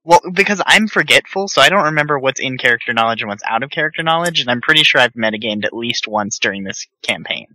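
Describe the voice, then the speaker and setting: A man's voice: medium pitch, lively intonation, fast, hardly any pauses, sharp tone, no echo, rough recording. A man playing a tabletop role-play game, chatting casually with many fillers. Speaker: player.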